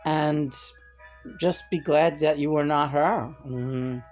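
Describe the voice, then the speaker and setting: A woman's voice: sits low, steady tone, slow, a little mellow, faint music behind. A middle-aged woman venting in a profane personal rant to her camera, her voice jumping up in angry bursts. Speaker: vlogger.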